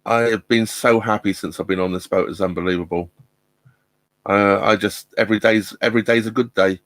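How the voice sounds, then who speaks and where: Hosting a live stream from his narrowboat, this middle-aged vlogger speaks fairly quickly in a steady, lowish voice with a bit of brightness. His laptop mic gives a dry recording, and his casual chat is hesitant, riddled with ums and restarts.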